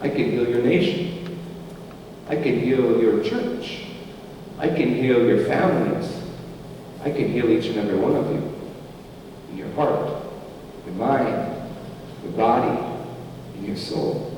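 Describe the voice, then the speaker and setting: A man's voice: medium pitch, slow pace, pauses often, dark tone, recorded from a distance, a little hiss or hum. A man preaching a sermon as pastor, with an emphatic, repeating cadence. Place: church sanctuary. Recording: echoey hall, from afar.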